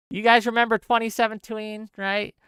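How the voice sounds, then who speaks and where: Man, political commentary host, livestream rant, sarcastic, exasperated, bright tone, dry close sound. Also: high voice, clean tone, no room sound. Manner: talks straight to viewers, reads chat.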